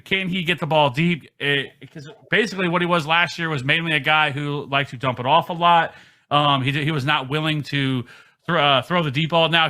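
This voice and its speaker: Bright-voiced man talking fantasy football. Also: a little high. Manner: emphatic, quick, frequent ums. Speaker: fantasy football podcast host. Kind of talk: casual sports chat.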